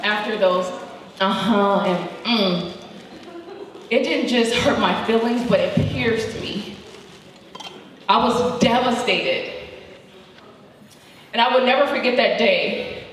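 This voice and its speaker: A woman's voice: on the high side, fairly bright tone. Motivational speaker, woman from South Central LA, chatty and playful with the crowd; roomy, far-off live hall sound. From South Central Los Angeles. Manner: chatty, playful storytelling with audience call-outs. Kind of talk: live motivational talk to an audience. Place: event hall with audience. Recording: echoey hall, distant mic.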